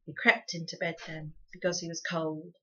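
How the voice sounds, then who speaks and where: Bright-voiced woman reading a storybook aloud. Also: deep voice, normal speed, breathy edge. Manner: lively, dramatic storyteller voice. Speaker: children's book club reader. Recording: dull lo-fi recording.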